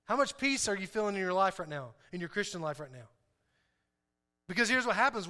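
A man preaching a sermon as pastor, animated and emphatic, often repeating his key phrases. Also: sits high, fast talker, long reverb tail.

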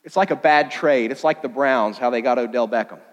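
A man giving a sermon to a young crowd, animated and jokey, with sudden loud bursts of emphasis. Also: mid-range voice, brisk, highs cut off. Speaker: youth pastor. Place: church hall. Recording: long hall reverb.

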